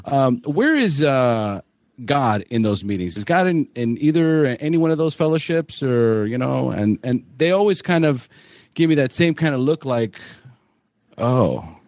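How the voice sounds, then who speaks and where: Joking, blunt podcast host, dry sound. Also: male voice, medium pitch, expressive, measured pace, darkish tone, dry recording. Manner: joking, blunt, swears freely. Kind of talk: casual panel discussion.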